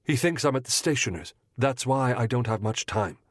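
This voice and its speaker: A man's voice: mid-range voice, animated, moderate pace, dry recording, clean studio sound, pitched above the performer's own voice, lightly acted. A man voicing an earnest, compassionate young married woman in an audiobook, speaking in a pleading, heartfelt way. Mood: firm. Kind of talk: audiobook character voice.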